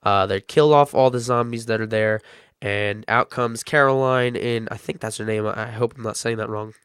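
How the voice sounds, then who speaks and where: A man recaps and reviews a TV episode in a loose, excitable way, stacking up "uh"s and "um"s as he goes. His voice is smooth and clean, recorded dry and close with no room sound. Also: fairly low pitch, moderate pace, dry recording. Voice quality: excitable, rambling with many fillers.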